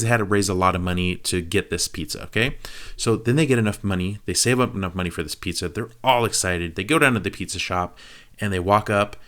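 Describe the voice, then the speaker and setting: A man giving a casual movie review, retelling the plot in an animated way with quick asides to the viewer. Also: on the low side. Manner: animated storytelling, quick asides to the viewer, acts out quoted lines.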